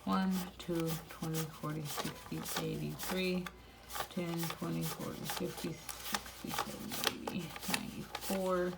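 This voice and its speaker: A woman with a gravelly, fairly low voice counts bills under her breath at an unhurried pace. She breaks off to chat casually with her viewers. A steady hiss of noise sits under the home recording. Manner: murmurs counts quietly, chatty asides to viewers. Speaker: budgeting channel host. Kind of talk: casual budgeting vlog, counting cash aloud.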